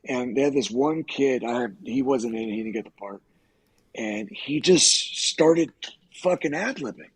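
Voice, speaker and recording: A middle-aged man, an actor on a podcast, casually telling profane, animated stories and acting out quoted lines. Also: medium pitch, a little slow, husky. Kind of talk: casual storytelling.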